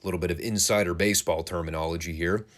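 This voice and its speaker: A man giving a casual recap of old wrestling shows, animated, laughing and swearing freely. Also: deep voice, quick pace. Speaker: wrestling show reviewer.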